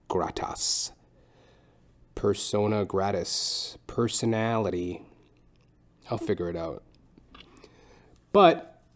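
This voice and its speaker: Low-voiced, rambling, swearing comedian. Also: male voice, a little mellow. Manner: profane, rambling, self-mocking. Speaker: podcast host and stand-up comedian. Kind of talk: casual rambling monologue.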